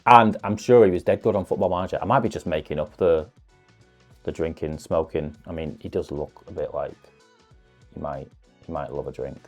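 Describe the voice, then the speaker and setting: A man's voice: extremely low pitch, normal speed, soft background music. A man hosting a casual card-opening video, chatting along in a musing way with self-deprecating asides. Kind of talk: casual unboxing commentary.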